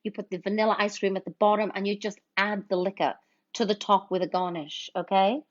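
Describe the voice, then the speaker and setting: A woman's voice: medium pitch, steady tone, brisk. A woman hosting a casual cocktail livestream, chatting as she mixes drinks and greeting viewers with pet names like honey. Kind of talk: casual livestream chat while mixing drinks. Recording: slightly dull lo-fi stream audio.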